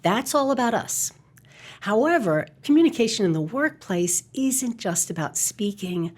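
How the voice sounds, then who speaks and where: A woman's voice: fairly high pitch, expressive, a little slow. A middle-aged woman, a communication coach, speaking as a guest in a podcast interview, articulate and emphatic.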